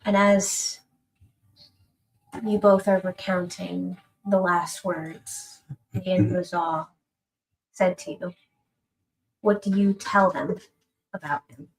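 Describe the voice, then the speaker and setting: A woman's voice: lowish voice, fairly even intonation, takes it slowly, long pauses, low-quality recording. A woman narrating as game master of a tabletop game, chatty and given to laughing, dropping to a whisper for suspense.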